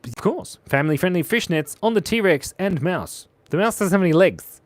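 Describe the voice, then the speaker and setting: A man's voice: sits high, animated, normal speed. A man hosting a live drawing stream, reading chat messages aloud and trading silly jokes with viewers. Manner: jokey, playful, reads chat aloud. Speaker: livestream artist.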